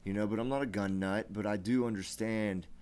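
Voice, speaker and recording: A man's voice: on the low side, fairly even intonation, brisk, a little mellow, clear, resonant tone. A man co-hosting a casual podcast chat, laid-back, agreeing a lot and swearing freely. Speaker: podcast co-host.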